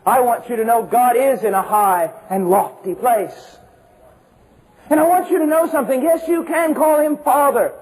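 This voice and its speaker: A man preaching with a notably high voice. He hammers his points with repetition and pointed rhetorical questions. His delivery lurches between raised, almost shouted declarations and low, hushed warnings. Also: normal speed, rough recording. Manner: impassioned, emphatic, swings between shouting and hushed low tones. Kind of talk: sermon.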